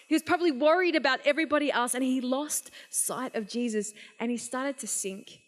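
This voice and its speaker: High-voiced woman preaching. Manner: energetic, casual, animated storytelling. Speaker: youth conference speaker. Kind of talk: live youth sermon storytelling. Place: large event hall. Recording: long reverb of a large hall.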